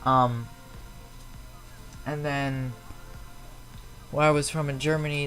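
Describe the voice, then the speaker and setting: A man's voice: mid-range voice, little pitch movement, slow, a bit bright, soft background music, low-quality recording. A man with a Chicago accent, chatting casually on a live flight-sim stream and answering viewers in a rambling, slightly defensive way. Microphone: streaming mic.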